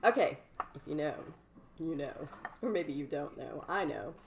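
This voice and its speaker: A woman's voice: deep voice, animated, normal speed, creaky, a little hiss or hum. A bubbly, chatty woman hosts a live cooking stream from her home kitchen and talks to her viewers. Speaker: cooking livestream host.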